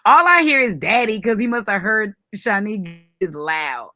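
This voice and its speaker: Speaking a little slowly at medium pitch, a woman in her forties hosts a casual chat. She tells a family story with animation, acting out the voices of people she quotes and laughing a lot.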